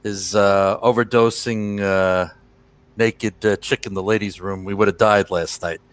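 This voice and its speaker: A man's voice: on the low side, steady tone, a little slow, no echo. A man joining a casual livestream as a guest, bantering and teasing the host.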